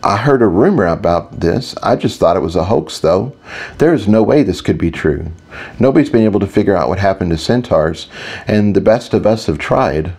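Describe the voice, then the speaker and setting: A man's voice: low voice, expressive, normal speed, darkish tone, slightly rough, heavily acted. A man voicing a polite, cheerful male mage recorder in an audiobook. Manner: polite, effusive. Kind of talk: audiobook character voice.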